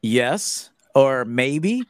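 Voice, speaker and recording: A man hosting a casual call-in podcast on dating, talking bluntly and swearing often. He acts out the dialogue he quotes in a mid-pitched voice. The sound is dry and close, with little room around it. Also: sing-song, extremely slow, no room sound. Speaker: podcast host and dating coach.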